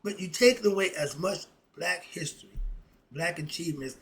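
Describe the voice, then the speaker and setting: A man's voice: fairly high pitch, animated, normal speed, a bit bright, slight background noise, low-quality recording. A man giving a solo opinion monologue as a philosophy commentator, ranting in a heated, sarcastic and rambling way with lots of repetition.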